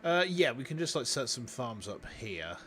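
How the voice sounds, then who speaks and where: Man, Yorkshire accent, young adult, casual game streamer, rambling chat, animated pitch, faint music behind. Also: normal speed. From Yorkshire, England. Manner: chatty, rambling, talks to chat. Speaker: VTuber streamer. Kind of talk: casual live game commentary.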